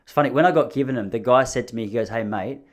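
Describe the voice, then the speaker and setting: A man's voice: mid-range voice, racing. Rambling, self-mocking male podcast host. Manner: rambling, self-deprecating, jokey, with frequent restarts. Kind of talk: casual solo storytelling.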